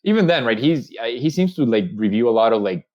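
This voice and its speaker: A man's voice: medium pitch, lively intonation, fast talker, a little mellow. A young man rambling through a casual podcast chat with friends, full of fillers and restarts. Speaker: podcast co-host. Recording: muffled lo-fi mic.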